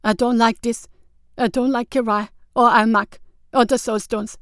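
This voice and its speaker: A woman voicing a frightened, simple-minded young man who pleads loudly in a high, childlike voice. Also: fairly even intonation, normal speed, no room sound, studio quality, lightly acted. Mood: pleading. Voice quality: high, too loud and pitched. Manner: pleading, whiny. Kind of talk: audiobook character voice.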